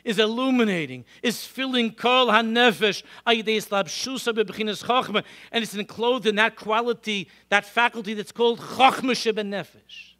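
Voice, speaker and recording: A middle-aged male rabbi lecturing a congregation in a synagogue, telling animated stories and throwing out rhetorical questions. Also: high-pitched, normal speed, hardly any pauses. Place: synagogue hall.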